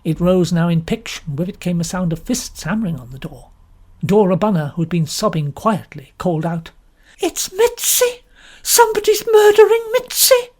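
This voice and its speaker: A woman from London with a British accent, narrating an audiobook in an expressive, lively storytelling manner. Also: on the low side, fairly quick, breathy edge. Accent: British English. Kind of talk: scripted narration.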